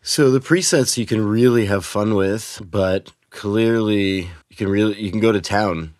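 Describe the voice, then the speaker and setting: A man hosting his channel who reviews sound-design software in a casual, excited way, using a shotgun mic. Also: on the low side, a little slow, no room sound, studio quality. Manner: excited, enthusiastic. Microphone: shotgun microphone.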